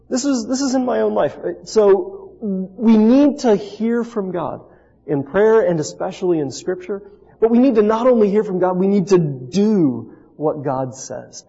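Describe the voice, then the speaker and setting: A man's voice: high-pitched, very animated, normal speed, gravelly, warm tone, breathy edge. A man preaching a sermon as pastor, earnest and repetitive, restarting phrases often. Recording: dull lo-fi recording with long hall reverb.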